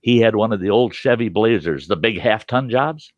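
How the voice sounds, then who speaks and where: A man hosting a storytelling show, telling a rambling, folksy, animated tale and swearing casually as he goes. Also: lowish voice, normal speed, dry recording, lo-fi sound. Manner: animated, folksy, swears casually, chuckles through his tales. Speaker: podcast host.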